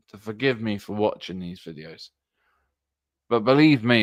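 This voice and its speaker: A man talks slowly through an earnest livestream monologue, often halting and restarting his sentences. His pitch swings widely as he speaks. The sound is dry and close, with no room echo. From Britain. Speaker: political streamer.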